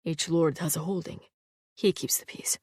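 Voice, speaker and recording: A woman voicing an immortal male swordsman who speaks in a low, quiet, dryly amused undertone. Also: steady tone, normal speed, husky, dry recording, studio quality. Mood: hushed. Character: gruff immortal male swordsman, dry wit.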